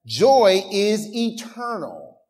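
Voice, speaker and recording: Extremely slow and pitched high, a man preaches as pastor with great animation. He trades call-and-response with the room, laughs, and shouts lines, speaking informally with many restarts and repetitions.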